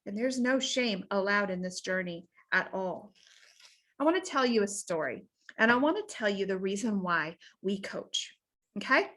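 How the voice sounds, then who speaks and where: A woman health coach giving an energetic, folksy motivational talk. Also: mid-range voice, moderate pace.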